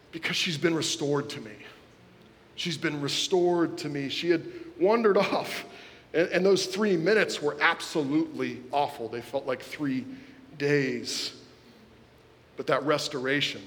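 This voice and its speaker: A man in his thirties preaching a sermon, telling a personal story earnestly and swinging between loud and soft. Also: fairly high pitch. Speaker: pastor. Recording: long hall reverb.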